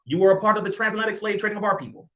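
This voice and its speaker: A man's voice: sits high, steady tone, very fast, sharp tone, a little hiss or hum. A man giving an impassioned address to camera, emphatic, sarcastic and repetitive. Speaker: commentator.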